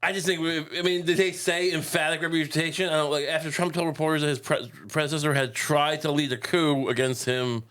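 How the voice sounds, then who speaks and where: A man's voice: fairly high pitch, fairly even intonation, a little fast, hardly any pauses, fairly bright tone. A man co-hosting a podcast in casual comedic chat, rambling and joking, slipping into goofy impressions. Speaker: podcast co-host.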